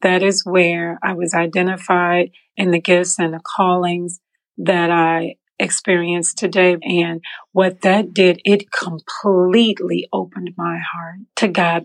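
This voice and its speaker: A woman telling her personal testimony in an interview, animated, acting out the voices in her story and laughing often. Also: fairly low pitch, slow pace. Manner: animated, acts out quoted voices. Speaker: interview guest.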